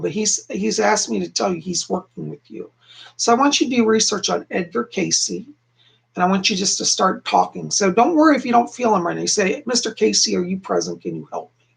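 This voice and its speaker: A man's voice: sits high, vocal fry. A man hosting a live stream and giving psychic readings, chatty and reassuring, calling viewers hon and darling. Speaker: psychic reader, host.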